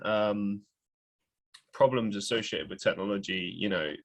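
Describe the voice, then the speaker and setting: Speaking in a creaky, lowish voice at a slightly slow pace, a young podcast host rambles through casual conversation. He hedges and corrects himself frequently.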